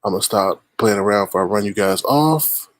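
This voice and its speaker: A man's voice: on the low side, expressive, brisk, no room sound. A man hosting a casual livestream, greeting viewers by name and teasing them in sing-song asides. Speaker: livestream host.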